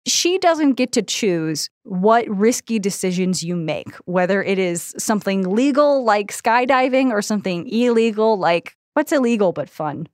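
A woman's voice: medium pitch, animated, a little slow, hardly any pauses, darkish tone, no room sound, clean studio sound. A young woman co-hosting an advice podcast, chatting casually, giggling often and rambling with frequent restarts. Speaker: podcast co-host.

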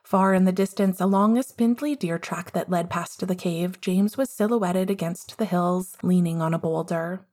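A woman reading a fan story aloud in a calm, measured way. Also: on the low side. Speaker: audiobook reader. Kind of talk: storybook narration.

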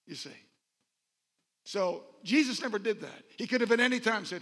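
A man with a high, gravelly voice preaches a sermon in a folksy, rambling way, dropping joking asides to his congregation. His tone is bright and edgy. The sound carries the long reverb of a large church hall. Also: expressive, normal speed, pauses often. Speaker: pastor.

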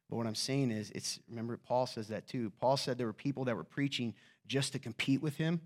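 A male pastor gives a sermon to his congregation in a church. He speaks in a casual, conversational way and teases the people in the pews. His voice sits at an ordinary pitch and swings from hushed asides to loud, excited bursts. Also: brisk. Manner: rhetorical questions, swings from quiet to loud.

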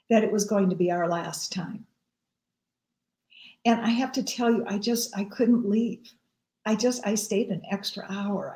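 A woman minister hosting a show tells a heartfelt personal story slowly, in a tender and earnest tone. Her voice sits at an ordinary pitch. There is a roomy echo around her. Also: mellow.

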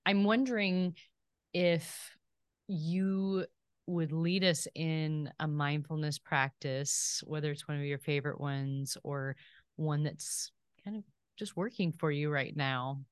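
A woman hosting a podcast, asking gentle, measured interview questions. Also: sits low, steady tone, smooth, no echo, clean studio sound. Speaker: podcast host.

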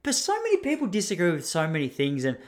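A man's voice: fairly high pitch, wildly swooping pitch, fast. An Australian man hosting a podcast, telling a self-deprecating story in a rambling way, with many restarts and chuckles. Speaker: podcast host. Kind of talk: casual storytelling monologue.

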